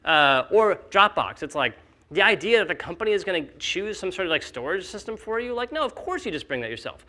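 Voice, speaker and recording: A man speaking casually at a conference, animated and full of fillers, acting out the skeptics he quotes. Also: high voice, fairly quick. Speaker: company founder speaking at a conference.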